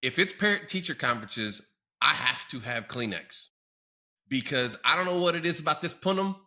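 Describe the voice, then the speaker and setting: A podcast host, this man chats casually with a bright, forceful tone. He tells jokey, self-deprecating stories from his teaching days at an easy middle pitch. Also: lively intonation, normal speed. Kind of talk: casual chat.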